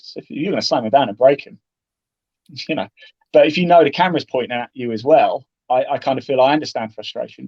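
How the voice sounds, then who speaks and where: A man talks golf broadcasting at a brisk clip, chatty and animated, slipping into little acted-out exchanges. The recording is dry and a bit dull, like a lo-fi podcast mic. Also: medium pitch, no echo. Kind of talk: casual interview talk.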